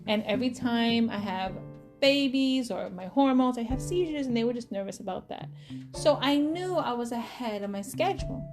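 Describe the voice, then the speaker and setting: A mother of four telling her birth story in a chatty, animated vlog, repeating words for emphasis. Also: fairly high pitch, moderate pace. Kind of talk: casual storytelling to camera. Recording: voice over clear background music. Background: background music.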